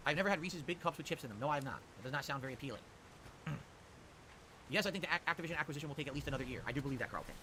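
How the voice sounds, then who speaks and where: A man streaming live, answering chat questions with quick, opinionated rants. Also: fairly high pitch, animated, background noise. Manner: rapid, opinionated ranting. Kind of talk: livestream chat reply.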